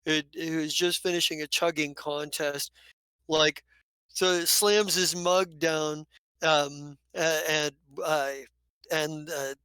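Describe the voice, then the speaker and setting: A man's voice: a little high, steady tone, slow, sharp tone, clear, resonant tone, no echo. A man acting as game master, narrating a tabletop game in a loose, rambling, descriptive way.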